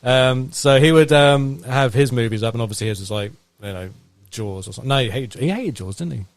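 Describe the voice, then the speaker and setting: A man's voice: medium pitch, a little fast, dry recording. A man hosting a casual podcast chat, telling anecdotes with many fillers. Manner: storytelling, lots of fillers. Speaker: podcast host.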